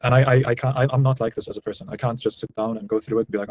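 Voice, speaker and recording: A man's voice: medium pitch, fairly even intonation, racing, no room sound. A man in his twenties on a call as a prospective client, blunt, frustrated and confrontational. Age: 20s. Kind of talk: tense call conversation.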